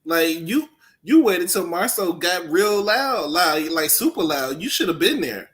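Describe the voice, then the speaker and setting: A man co-hosting a casual chat show, reasoning through his points in a relaxed, conversational way. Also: high voice, measured pace. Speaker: co-host.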